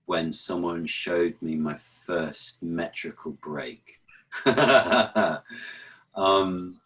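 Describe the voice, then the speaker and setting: A man's voice: sits low, very slow, fairly bright tone, rough recording. A man, an actor and author, telling stories in an interview and chanting verse rhythms aloud. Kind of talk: relaxed explanatory interview talk.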